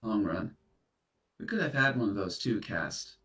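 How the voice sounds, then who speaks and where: A man's voice: lowish voice, expressive, measured pace, fairly bright tone. A man acting as a guilt-ridden serial dumper confronted by an ex's ghost, stammering through flustered apologies in a comedy sketch. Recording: echoey room, distant mic.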